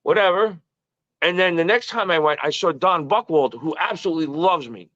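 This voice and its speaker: A man's voice: fairly high pitch, lively intonation, brisk, fairly bright tone, dry recording, dull audio. A man in his early forties, a podcast guest, telling stories in a casual, profane, rambling way. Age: early 40s.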